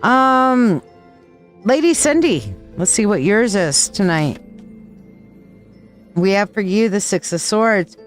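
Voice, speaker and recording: Woman doing live tarot readings, chatty and sweet, rambly, calls ppl sweetheart, quiet music in back. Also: mid-range voice, big pitch swings, takes it slowly, long pauses. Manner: folksy, loose and rambling. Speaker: tarot reader and live stream host.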